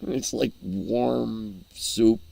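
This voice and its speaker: A man's voice: lowish voice, extremely slow, gravelly, dark tone, dry recording. A man hosting a casual livestream, rambling and chuckling as he answers his chat while eating. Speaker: livestream host.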